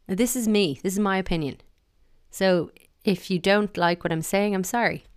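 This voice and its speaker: A woman's voice: mid-range voice, moderate pace, clear, resonant tone, no room sound, clean studio sound. An Irish woman talking casually and wryly, giving her opinions in a chatty monologue.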